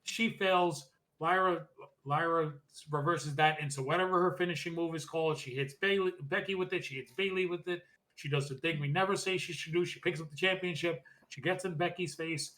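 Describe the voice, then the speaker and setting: Podcast co-host, male, bright forceful voice, rambling casual wrestling recap. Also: on the high side, steady tone. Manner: rambling recap, quick asides, mock-quotes wrestlers.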